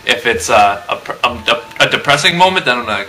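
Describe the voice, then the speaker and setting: A man's voice: on the low side, expressive, brisk, few pauses, echoey room, over music, poor audio. A young man on a casual panel, giving jokey, rambling explanations about how guys think. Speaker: panel member. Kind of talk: casual opinion chat.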